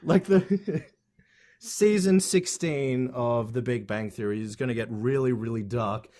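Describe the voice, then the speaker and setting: A young man guesting on a podcast, chatting casually and joking, quick to laugh. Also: mid-range voice, dark tone. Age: young adult. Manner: laid-back, joking, laughs easily. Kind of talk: casual comedic chat.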